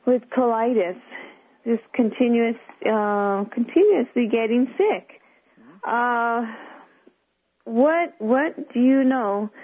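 A woman calling in to a radio show, halting and unsure, filling gaps with uhs and ums. Her voice is of middle pitch. It comes through a thin, tinny phone line. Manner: hesitant, halting with many fillers. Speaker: caller.

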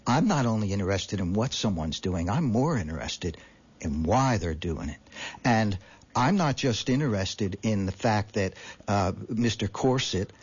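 A man's voice: lowish voice, animated, measured pace, slightly rough. Radio guest, male, indignant rambler, lo-fi dull broadcast sound. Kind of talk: animated call-in radio talk.

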